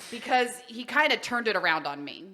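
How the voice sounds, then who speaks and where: A woman's voice: fairly high pitch, big pitch swings, brisk, sharp tone. A married woman co-hosting a podcast, telling a funny story in casual chat with lots of laughing and mimicked voices. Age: adult, married. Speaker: podcast co-host.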